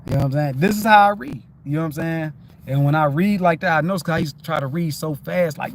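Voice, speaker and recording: A man on a livestream talking in a casual spiritual monologue, profane and animated, often checking that listeners follow. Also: fairly high pitch, brisk, a little hiss or hum. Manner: animated, profane, keeps asking "you know what I'm saying".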